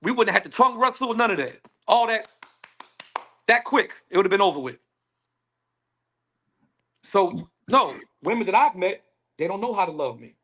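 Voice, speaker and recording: A man speaking on a panel call, emphatic and animated, acting out what others say to him. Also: sits high, normal speed, pauses often. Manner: animated, emphatic, acts out quoted women. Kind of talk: casual panel discussion. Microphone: phone on a call.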